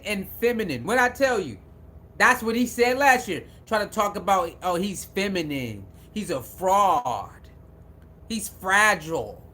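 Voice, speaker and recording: A man's voice: high-pitched, fairly bright tone. A man hosting a casual sports live stream, repeating himself often and talking back to viewers in the chat.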